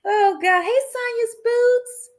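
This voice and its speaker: Woman streamer shouting out her chat, high voice, slow and drawn out, very animated. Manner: animated, greets viewers by name, chuckles often. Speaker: livestream host. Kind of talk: casual live-stream chat.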